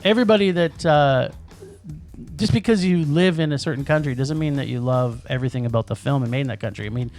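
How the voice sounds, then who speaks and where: A man's voice: medium pitch, fast talker, a little mellow, faint music behind. A man co-hosting a podcast, ranting about movies in casual chat, emphatic and laughing. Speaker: podcast co-host. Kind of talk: casual film-review chat.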